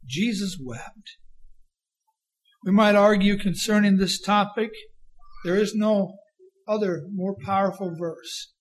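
A man preaching a sermon with impassioned delivery, rising to loud emphasis and dropping to a hushed quiet. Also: high voice, little pitch movement, unhurried, rough recording.

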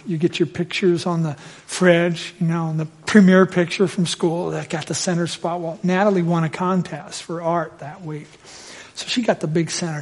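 A middle-aged man preaching a sermon in a church, telling a family story and swelling loud at the climaxes. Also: a little high. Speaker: pastor.

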